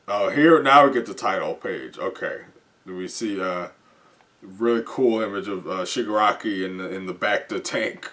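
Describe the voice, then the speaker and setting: A man reading a comic live and reacting as he goes, often chuckling and halting with fillers. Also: low voice, expressive, a bit bright. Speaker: comic reviewer.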